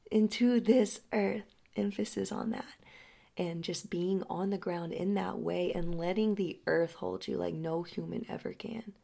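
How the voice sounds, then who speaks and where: A young adult woman speaking slowly and softly as a healing guide, often sinking into a breathy half-whisper. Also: fairly low pitch, steady tone. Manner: slow, soft and drawn out, often dropping into a breathy half-whisper. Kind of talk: reflective spoken storytelling.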